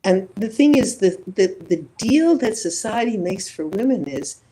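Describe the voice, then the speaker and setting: In a reflective interview, a woman psychologist builds her points thoughtfully through examples and rhetorical questions. Her mid-range voice is animated and a little slow, with a dark tone, and the audio quality is poor.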